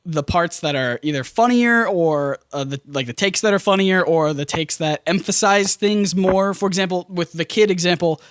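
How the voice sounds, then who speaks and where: A young man co-hosting a casual film podcast, a little higher-pitched than most. He rambles and restarts as he talks things through. The sound is dry and close, with no room around it. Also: normal speed, few pauses, clean tone, no room sound. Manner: rambling, self-correcting, acts out quoted lines. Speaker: podcast co-host.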